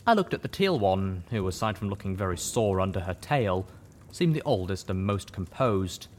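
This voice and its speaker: A man giving a first-person audiobook narration with steady storytelling. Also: low voice, moderate pace, a little hiss or hum.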